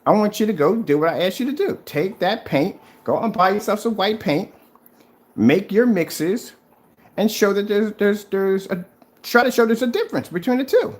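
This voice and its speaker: At home, showing his screen, a DIY projector screen paint vlogger in his fifties records a confrontational video rebuttal, repeatedly goading a rival to prove his claims. His animated pitch swings widely and leaps up each time he repeats the challenge, and his tone stays mocking and needling at a normal speed.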